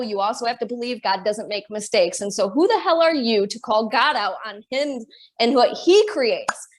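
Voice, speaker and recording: A woman with a Michigan accent co-hosting a spiritual podcast, talking bluntly and swearing freely in casual chat. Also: fairly high pitch. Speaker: podcast co-host, medium.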